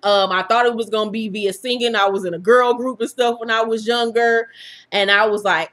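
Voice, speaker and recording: Bright-voiced woman telling her story. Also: fairly high pitch, steady tone, a little fast. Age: 30s. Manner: frank and profane, laughs through the hard parts. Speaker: YouTube show host. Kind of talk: candid personal storytelling to viewers.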